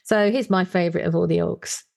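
A woman's voice: on the low side, fairly even intonation, fairly quick, creaky, darkish tone. A woman in casual discussion, thinking aloud with frequent fillers and reading short book passages aloud. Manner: thoughtful, hesitant, many fillers, reads book passages aloud.

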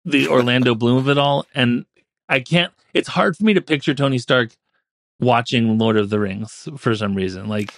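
Gravelly-voiced man joking around. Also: mid-range voice, dry recording, studio quality. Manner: joking, halting restarts. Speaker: podcast guest. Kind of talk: casual chat.

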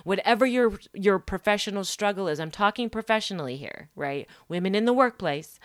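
A woman's voice: on the low side, animated, normal speed, clean tone, dry recording, studio quality. A woman hosting a solo podcast, talking emphatically and stacking rhetorical questions with frequent "right?" tags. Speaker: podcast host.

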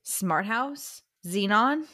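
Woman playful teasing co-host, bright tone. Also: medium pitch, expressive, drawn-out words. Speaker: book podcast co-host. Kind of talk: casual chat.

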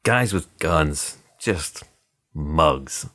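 A man voicing a quiet, plump middle-aged hotel detective who speaks softly, calmly and unhurriedly. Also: low-pitched, gravelly, full character voice. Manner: soft, calm and unhurried.

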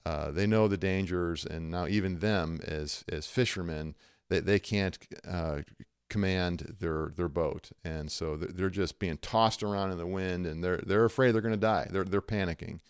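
A man with a fairly low voice hosts a faith podcast and tells stories in an animated way, acting out the people he quotes. The sound is dry and close, with no room around it. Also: normal speed, clean tone, dry recording. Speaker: podcast host.

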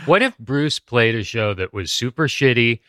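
A man in his fifties co-hosts a comedy podcast, dropping dry, deadpan jokes in a middle-pitched voice. The recording is dry and close, with no room sound. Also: moderate pace, no room sound. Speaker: podcast co-host. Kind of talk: comedic casual chat.

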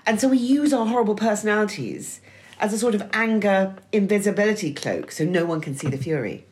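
A middle-aged podcast co-host delivers a scripted-sounding conversational essay in a wry, emphatic tone, swearing freely. Her voice is medium-pitched, animated, brisk and a little mellow, with slight background noise.

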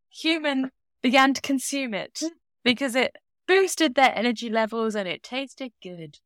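Blunt, clear-voiced British woman. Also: high voice, lively intonation, a little slow, long pauses, fairly bright tone, dry recording. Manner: blunt, swears, dry humour. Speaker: podcast co-host. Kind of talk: casual chat.

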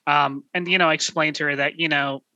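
A young man in a casual chat, defensively telling his own side with many halting "you know"s. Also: a little high, fairly even intonation, bright, forceful tone, dry recording, dull audio.

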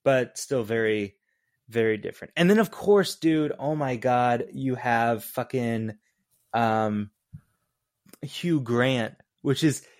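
A man co-hosting a podcast, chatting casually about a film, animated and excitable, with lots of filler words and frequent laughs. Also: medium pitch, slow, dry recording, studio quality. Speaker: podcast co-host. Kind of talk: casual movie review chat.

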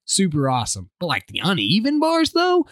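A man's voice: sits high, wildly swooping pitch, brisk, fairly bright tone, no echo, studio quality. Slangy young man chatting casually. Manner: slangy, joking, laid-back. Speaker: podcast co-host. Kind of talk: casual chat.

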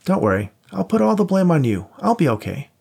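A man's voice: high-pitched, very animated, a little fast, creaky, darkish tone, slightly rough, voice pushed up, full character voice. A man voicing a cocky, wisecracking male cop buddy in an audiobook, teasing and joking, raised above his own voice. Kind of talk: audiobook character voice.

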